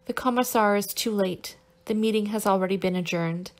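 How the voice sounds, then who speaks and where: A woman reading the lines of a calm, resolute young man in an audiobook, with a teasing edge in his delivery. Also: mid-range voice, fairly quick, close to an everyday voice. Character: calm, confident young man, crafty and bold.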